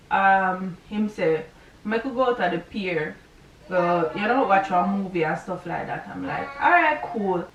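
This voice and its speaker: Recorded poorly from a distance in an echoey room with slight hiss or hum, this woman speaks in a fairly low voice. She's a Jamaican-accented vlogger casually retelling a personal story, wandering into asides and checking on her listener.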